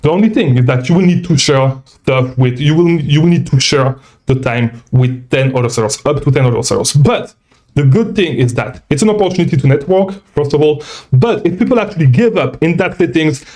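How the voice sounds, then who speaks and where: A man's voice: on the high side, mellow. A man hosting a casual live Q&A as a seller coach, short of breath and rambling, tagging many lines with "okay?". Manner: rambling, repeats okay, reads viewer questions. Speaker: livestream host and seller coach. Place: traveling, indoors.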